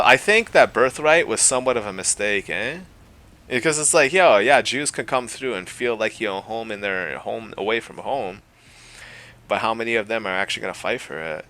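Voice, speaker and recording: A man ranting on his own video channel, profane and mocking, with rambling fillers, swinging from loud jeers to low mutters. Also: moderate pace. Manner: rambling with frequent fillers and laughs. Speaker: YouTube commentator. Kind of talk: unscripted solo rant.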